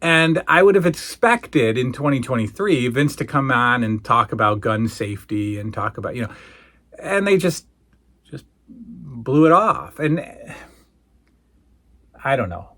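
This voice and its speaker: A man hosting a casual solo recap, telling the story in an animated way and acting out the quoted lines. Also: mid-range voice, a little slow, long pauses. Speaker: podcast host reviewing old wrestling shows.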